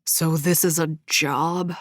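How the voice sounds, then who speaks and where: Woman narrator doing a gruff arrogant man, curt, scornful, audiobook character, dry studio sound. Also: on the low side, steady tone, normal speed, no room sound, natural voice. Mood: disdainful.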